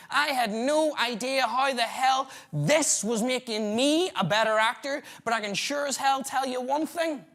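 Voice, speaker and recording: A man's voice: extremely high pitch, measured pace, hardly any pauses, a bit bright. A man performing a comic solo theatre monologue, telling a wry story with punchlines.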